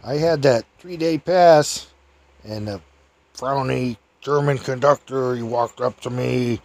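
Slow, gravelly, and a little mellow, an older man tells a loose, rambling story from his past. He often breaks into chuckles and lifts his voice high to imitate other people.

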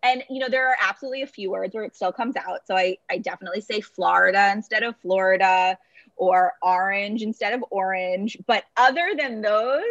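A woman's voice: on the high side, fast, hardly any pauses, no echo, highs cut off. Upbeat woman in her late twenties. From Boston area, US. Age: late 20s. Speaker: podcast guest, marketing director. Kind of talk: casual interview chat. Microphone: remote call.

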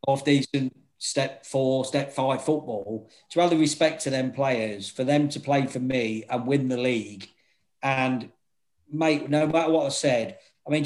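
Here a man of medium pitch comes through on a rough recording. An ex-football manager, he chats casually through his anecdotes, swearing, getting animated, and acting out what people said.

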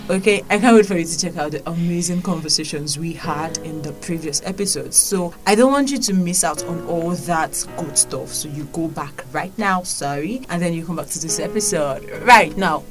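A woman hosting a podcast in an upbeat, chatty way, full of "you know" and "like". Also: on the low side. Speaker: podcast host. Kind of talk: casual podcast chat.

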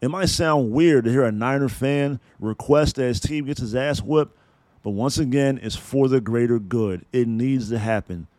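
A man's voice: mid-range voice, normal speed, darkish tone, dry recording. A man hosting a sports podcast, delivering a blunt, profane, fired-up rant about his team. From San Francisco Bay Area.

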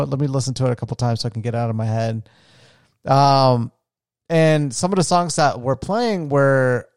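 Young man, casual vlog ramble, smooth voice, close and dry. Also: mid-range voice, darkish tone, no echo. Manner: rambling, many fillers and restarts. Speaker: vlogger. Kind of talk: casual personal talk.

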